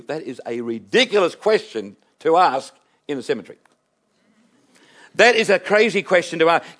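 A man's voice: on the high side, a bit bright. A man preaching a sermon to his congregation, emphatic and full of rhetorical questions and repetition. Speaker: minister preaching an Easter sermon.

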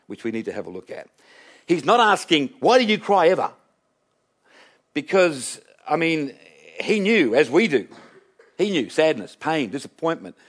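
A man preaching a sermon to his congregation, emphatic and full of rhetorical questions and repetition. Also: a little high. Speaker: minister preaching an Easter sermon.

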